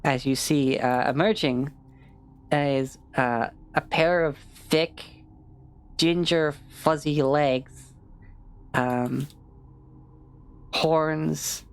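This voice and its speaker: Game master for a tabletop game: a slow, halting woman with a strikingly low voice. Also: fairly even intonation, clean tone. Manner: hesitant, full of fillers, swears when frustrated.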